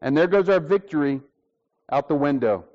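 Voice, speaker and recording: A man with a high voice preaches to his church with strong emphasis. He asks rhetorical questions and acts out short exchanges. The sound is dull and lo-fi. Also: animated, normal speed. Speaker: pastor. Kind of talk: sermon.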